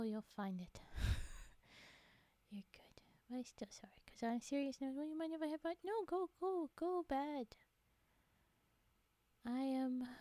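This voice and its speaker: A woman hosting a livestream in casual chat, giggling often and rambling, with frequent drops into a breathy whisper. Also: high-pitched, warm tone, no room sound. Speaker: livestream host.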